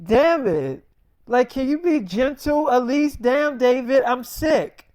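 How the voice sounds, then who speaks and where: A man voicing his sick pregnant wife, who complains and swears about being handled roughly. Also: high voice, fairly even intonation, slow pace. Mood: pained, whiny. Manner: complaining, profane.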